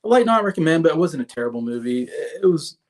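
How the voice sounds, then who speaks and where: A man's voice: on the high side, very animated, fast. A man in his thirties hosting a casual livestream, reviewing movies in a rambling way with many fillers and restarts and chatting with viewers. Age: 30s. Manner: chats with viewers in the comments.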